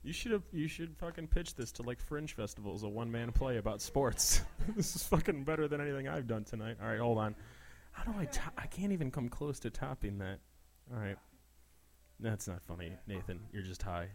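A man's voice: mid-range voice, lively intonation, fairly quick, darkish tone. A man stepping out of a comedy bit to chat casually, self-deprecating and swearing freely. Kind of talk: improvised comedy sketch.

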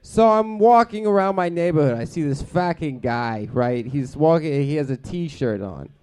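A man's voice: on the high side, expressive, normal speed, a little mellow, clean tone, close to an everyday voice. A man in improv comedy playing a brash, crude working-class guy who rambles and swears. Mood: ranting.

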